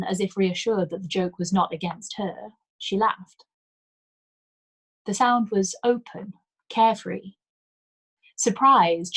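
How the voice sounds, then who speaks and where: A woman reads a novel aloud as a nightly storyteller. Her voice is husky and breathy, at a middle pitch. She keeps a calm, measured pace. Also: low-quality recording.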